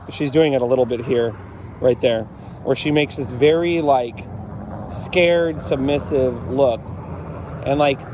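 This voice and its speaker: A man with a middle-pitched voice explains dog training outdoors in a blunt, matter-of-fact way, repeating his points. Faint traffic hum sits behind him. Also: dark tone. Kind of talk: casual explanatory commentary while training.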